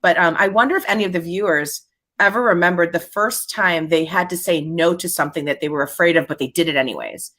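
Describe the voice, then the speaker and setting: A woman's voice: on the low side, fast, fairly bright tone. A woman hosting a casual panel chat, speaking reflectively with frequent restarts and easy laughter. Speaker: host.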